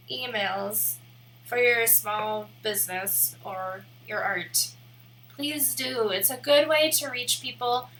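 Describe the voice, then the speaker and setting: Midwestern woman streamer, bright slightly high voice, chatty and rambling. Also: poor audio. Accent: American Midwest. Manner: chatty, rambling, self-deprecating. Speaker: live streamer. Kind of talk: casual livestream chat while working on screen.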